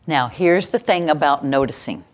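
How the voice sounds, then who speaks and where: A woman's voice: deep voice, moderate pace. A woman giving a workshop lecture, speaking emphatically, repeating key phrases and checking in with her audience. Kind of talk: teaching lecture to a live audience.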